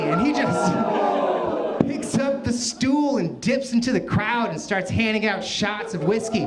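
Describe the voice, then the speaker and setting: A man telling a stand-up story on a club stage, animated and laughing at his own tale as he acts out what people said. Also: high-pitched, measured pace. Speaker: stand-up comedian. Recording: live club recording, loud crowd. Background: audience laughter and club noise.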